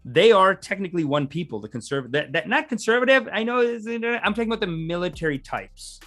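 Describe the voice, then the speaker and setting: A man's voice: high-pitched, lively intonation, brisk, a bit bright, faint music behind. A man hosting a livestream, giving casual, rambling commentary and laughing often. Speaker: livestream host.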